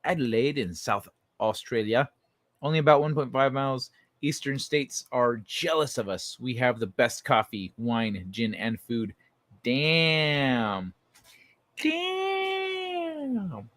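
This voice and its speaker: Man, livestream host, casual late-night chat, swears freely, reads chat aloud, mid-pitched voice, dry close sound. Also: moderate pace, dry recording. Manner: relaxed, profane, reads chat messages aloud.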